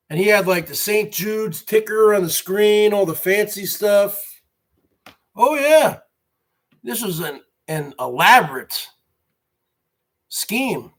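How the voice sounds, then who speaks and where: A man's voice: sits high, animated, slow pace, pauses often. A man hosting a livestream, ranting in an indignant, repetitive and emphatic way. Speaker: livestream host.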